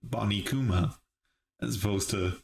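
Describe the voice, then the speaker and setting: Low-voiced man recapping an episode in an echoey room. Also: unhurried, creaky. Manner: thinks aloud with restarts and laughs. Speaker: channel host reviewing episodes. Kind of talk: live reaction and recap. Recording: echoey room with faint hiss.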